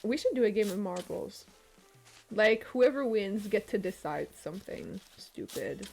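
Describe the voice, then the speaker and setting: A young woman chatting casually on a game stream, excitable and swearing, with frequent laughs. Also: medium pitch, measured pace, creaky, soft background music. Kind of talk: casual live-stream chat while gaming.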